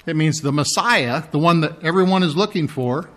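A man preaching a sermon, explaining scripture with animated emphasis and mocking asides. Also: fairly high pitch, moderate pace. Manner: animated, mocks the priests in a put-on sneering voice.

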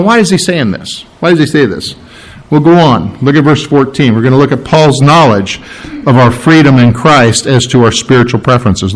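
A man preaching a sermon to a congregation, teaching from scripture with emphatic rises and restarts. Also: poor audio. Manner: animated preaching, rising in pitch for emphasis, with restarts. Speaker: pastor. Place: room with a congregation.

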